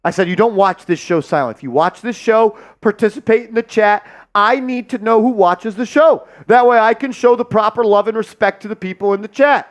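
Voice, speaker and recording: A man hosting a live sports watch-party stream, hyped and loud as he shouts out viewers' donations and calls the game. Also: sits high, a little fast, few pauses.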